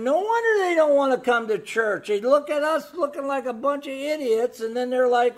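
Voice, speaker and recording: High-voiced preaching man. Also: animated, normal speed, few pauses. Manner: emphatic preaching with rhetorical questions; swings between hushed storytelling and loud exhortation. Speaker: pastor. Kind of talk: sermon.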